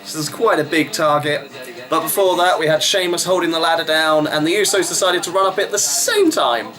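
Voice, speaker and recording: A man's voice: on the high side, lively intonation, brisk, sharp tone, soft background music, low-quality recording. A man giving a chatty, wry running review of a wrestling show, rambling with fillers. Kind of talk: casual vlog review.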